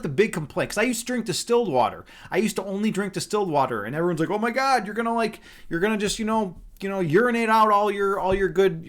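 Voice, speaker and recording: A man from Chicago hosting a casual livestream chat, rambling and laid-back, repeating words and saying "dude" and "man" a lot. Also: a little high. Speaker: livestream host.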